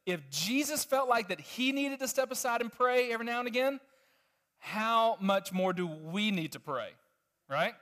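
A man preaching a sermon to a congregation with children, animated and emphatic, often asking the audience questions. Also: extremely high pitch, normal speed. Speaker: pastor.

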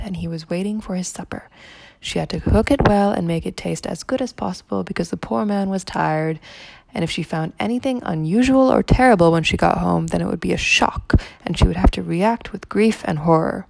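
A woman narrating a story aloud in a measured, even reading. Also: lowish voice, vocal fry, dry recording.

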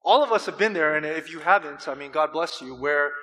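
Impassioned high-voiced male preacher. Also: bright, forceful tone. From California. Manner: impassioned preaching with dramatic pauses and swells. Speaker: pastor. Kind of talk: sermon. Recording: long hall reverb.

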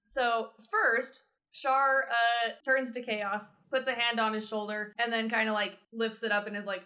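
Woman, tabletop player, chatty, bright voice, slightly high. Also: flat delivery, moderate pace, hardly any pauses. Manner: chatty, narrates her character's actions. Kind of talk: casual tabletop play.

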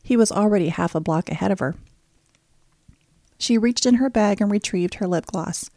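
An audiobook narrator, a woman, reads a scripted story aloud in a steady, even storytelling manner. Her pitch is medium and her pace moderate. The recording is dry and of studio quality.

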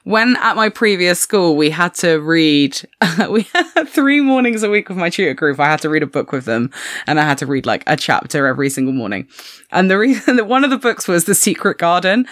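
A woman's voice: fairly low pitch, big pitch swings, fairly quick, no room sound, clean studio sound. A woman co-hosting a podcast in casual chat, chatty and laughing between words; she works as a teacher.

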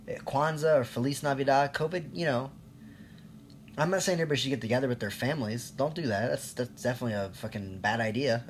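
Here a man in his thirties, a vlogger, rambles through a sarcastic, profanity-laced monologue and occasionally chuckles at his own remarks. He speaks at medium pitch, with a little hiss or hum on the recording.

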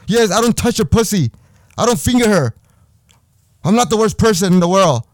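A young man with a high-pitched voice hosts a podcast, ranting in a heated, profane, repetitive way. His voice sits dry and close with no room echo. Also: quick pace, a little mellow. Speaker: podcast host. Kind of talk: angry personal rant.

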